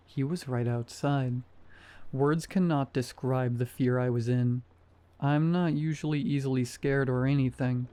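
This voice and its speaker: A man reading a scary story aloud in a calm, measured narration style. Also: mid-range voice. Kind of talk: scripted narration.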